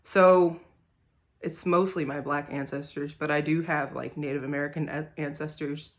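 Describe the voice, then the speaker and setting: A woman singer-songwriter talking casually to the camera, soft-spoken and rambling, with many hesitant fillers. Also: low-pitched, fairly even intonation, moderate pace.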